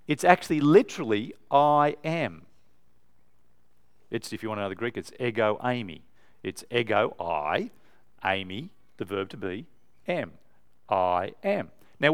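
A man preaching an animated, emphatic sermon to a live congregation in a church. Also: a little high.

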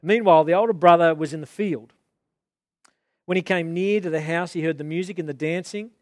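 Animated male preacher with a dry sound. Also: a little high, brisk, no echo. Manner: animated, rising to indignant mock outbursts. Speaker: pastor. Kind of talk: sermon.

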